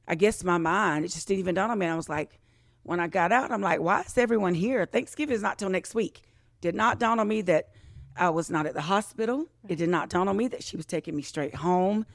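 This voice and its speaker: A woman's voice: lowish voice, fairly quick, no echo, studio quality. A woman guest on a podcast, telling a personal story with feeling, repeating phrases and acting out what others said. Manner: emotional, repeats phrases, acts out quoted voices.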